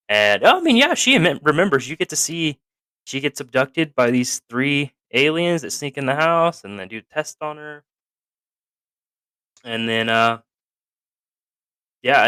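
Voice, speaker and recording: Bright, crisp-voiced man recapping casually. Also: mid-range voice, no room sound. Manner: rambling, laughing, quick to act out characters. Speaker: podcast co-host recapping a film. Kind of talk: casual profane chat.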